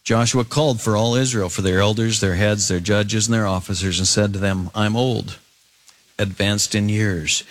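A man preaching an expository sermon, climbing to emphatic high peaks and dropping low and quiet to read scripture. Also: fairly even intonation, moderate pace. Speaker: pastor.

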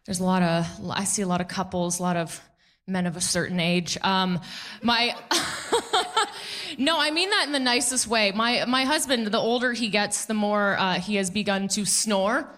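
A woman in her thirties performing a stand-up comedy set, telling stories with playful, animated delivery and mock voices. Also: medium pitch, moderate pace. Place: comedy club stage.

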